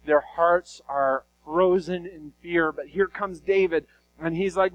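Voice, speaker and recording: A man preaching a sermon, retelling Bible stories in an animated, conversational way. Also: a little high, takes it slowly, low-quality recording. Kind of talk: sermon storytelling.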